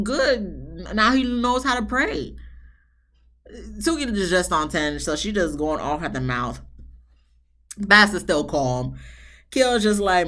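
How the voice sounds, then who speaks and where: A woman recapping a reality show episode in a casual, sassy way, often jumping into high exclamations. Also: moderate pace. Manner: animated, sassy, jumps into high mock voices. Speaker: reality TV reviewer.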